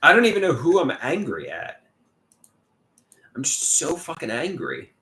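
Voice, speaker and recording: A man's voice: a little high, huge pitch swings, pushed and bright. Frustrated man livestreaming in an echoey room. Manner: halting, restarts, frustrated and glum. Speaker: livestream host reading chat. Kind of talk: casual livestream chat.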